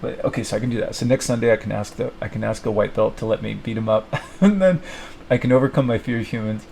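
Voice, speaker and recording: A man's voice: on the low side, fast talker, gravelly, a little mellow, slight background noise, low-quality recording. A young man thinking aloud at his desk, rambling and self-mocking as he plans his week. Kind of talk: rambling solo self-talk.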